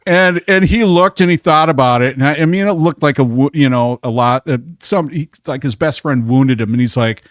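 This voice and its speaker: A man from Minnesota telling a story as a podcast guest in a bar, animated, acting out the quotes. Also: medium pitch, a little fast, few pauses, no room sound, studio quality. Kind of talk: casual storytelling.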